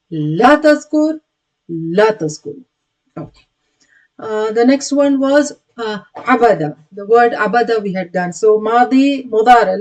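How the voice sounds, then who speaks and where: Woman teacher on camera, patient, repeats everything, calls out drill words louder, lots of restarts. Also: on the high side, low-quality recording. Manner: patient, repetitive, many restarts. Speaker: Quranic Arabic teacher. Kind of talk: recorded grammar lesson.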